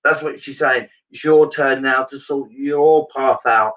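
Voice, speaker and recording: A man's voice: mid-range voice, fairly even intonation, measured pace, fairly bright tone, far from the mic, dull audio. A man giving a live mediumship reading, talking earnestly and rambling with frequent restarts.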